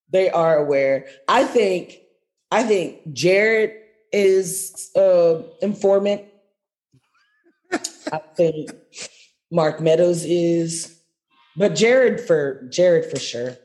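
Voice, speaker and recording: A podcast co-host talking in casual political chat, with an unhurried, chatty way of speaking. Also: mid-range voice, a little mellow. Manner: unhurried, chatty, hesitant restarts.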